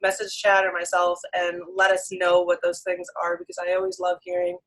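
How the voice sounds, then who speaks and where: A woman's voice: fairly low pitch, completely flat delivery, fairly quick, low-quality recording. A woman co-hosting a group coaching video call, upbeat and encouraging as she gives listeners their next steps.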